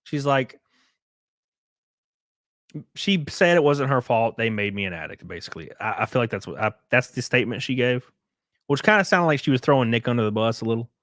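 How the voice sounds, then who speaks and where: A man's voice: medium pitch, expressive, brisk, long pauses, fairly bright tone, no echo, clean studio sound. A young man from rural Alabama with a Southern accent, rambling through a casual livestream, reading chat, swearing and laughing often. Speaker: livestreamer and race car driver.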